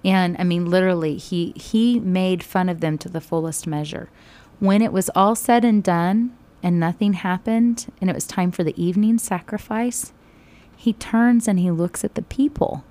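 A woman teaching a Bible study, retelling scripture in conversation with sudden animated bursts. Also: lowish voice.

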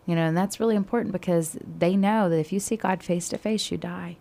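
A woman telling a Bible story to a listener in a casual, animated way, with frequent fillers. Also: fairly low pitch, fairly quick, creaky.

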